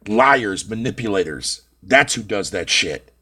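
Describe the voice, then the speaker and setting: A man talks on his live stream, venting and rambling with heavy cursing. His pitch swings widely up and down as he talks. Filler phrases keep cropping up between his points. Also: sing-song, moderate pace. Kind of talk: casual live-stream chat.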